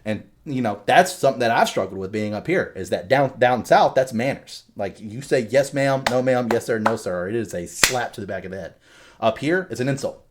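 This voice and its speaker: A man from the American South with a softened Southern accent, hosting a podcast discussion emphatically and swearing freely. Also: fairly low pitch, expressive, brisk, slight background noise. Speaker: podcast host.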